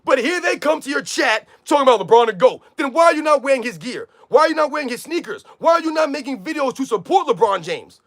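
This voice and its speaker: A man ranting loudly on a sports live stream, combative and repetitive, calling out chat viewers by name. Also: very high voice, big pitch swings, quick pace, few pauses. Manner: loud, combative, repetitive rant.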